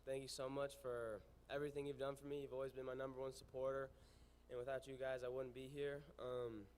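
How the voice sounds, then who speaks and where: A man's voice: medium pitch, flat delivery, brisk, darkish tone, a little hiss or hum. A teenage boy, a student athlete, giving an emotional, grateful thank-you speech. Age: teens.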